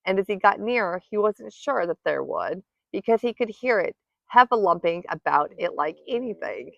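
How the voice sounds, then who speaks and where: Soft-spoken woman reading a bedtime story. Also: medium pitch, moderate pace, gravelly, dry recording. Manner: soft, cozy, expressive. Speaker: storytime reader. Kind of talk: gentle bedtime read-aloud narration. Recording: dull lo-fi dry recording.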